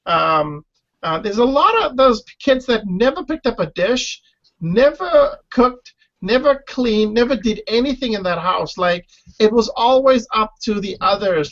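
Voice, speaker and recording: Animated gravelly-voiced man telling stories. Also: high voice. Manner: animated storyteller, shouts when imitating others. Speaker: interview guest, former reality show contestant. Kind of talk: casual podcast chat. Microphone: online call. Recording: lo-fi online call audio.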